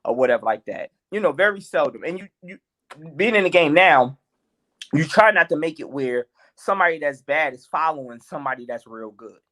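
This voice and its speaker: A man's voice: on the high side, expressive, brisk, fairly bright tone. A man, a guest comedian, telling stories in a podcast interview, acting out quotes and laughing often. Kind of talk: animated storytelling in a podcast interview.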